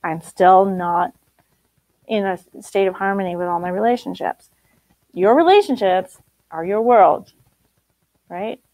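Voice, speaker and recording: A woman's voice: mid-range voice, unhurried, long pauses, darkish tone, no echo, rough recording. A middle-aged woman teaching a spiritual group, blunt and emphatic, laughing often.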